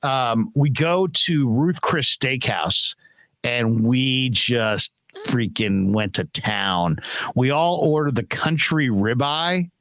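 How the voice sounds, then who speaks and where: A man's voice: medium pitch, slow pace, dry recording. A middle-aged man hosting a sports show, telling stories casually, laughing and swearing as he goes. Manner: animated storyteller, laughs, swears freely. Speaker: sports talk host. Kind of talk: casual chat, storytelling.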